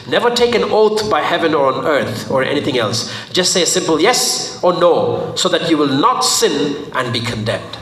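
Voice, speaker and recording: Animated man preaching. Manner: animated, playful, acts out voices with sudden high and low swings. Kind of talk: sermon. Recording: echoey hall.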